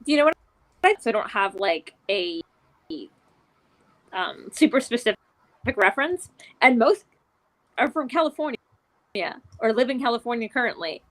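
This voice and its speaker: A woman co-hosting a podcast livestream who stretches her vowels with a slight vocal fry. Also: on the high side, lively intonation, moderate pace, pauses often, low-quality recording. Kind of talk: casual chat on a livestream.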